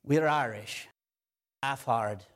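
A man's voice: mid-range voice, fairly bright tone. Emphatic man preaching a sermon. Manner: emphatic, repeats key phrases, reads scripture slowly. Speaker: pastor.

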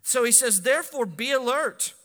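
High-voiced, bright man preaching a sermon. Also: moderate pace, in a large hall. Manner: animated preaching, swinging from loud to hushed. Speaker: pastor.

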